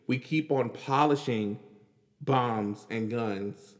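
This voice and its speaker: A man hosting a podcast, talking in casual, animated commentary, laughing and repeating himself as he reacts. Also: mid-range voice, takes it slowly, big-room sound. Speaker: podcast host.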